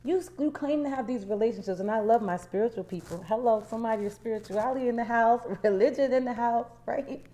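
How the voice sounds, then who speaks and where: A woman life coach speaks straight to her viewers in a motivational talk. Her voice sits a little high but sounds mellow and warm. She hammers her points with emphatic repetition, then drops into quiet, low asides. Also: fast, few pauses. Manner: preachy and emphatic, repeats key phrases.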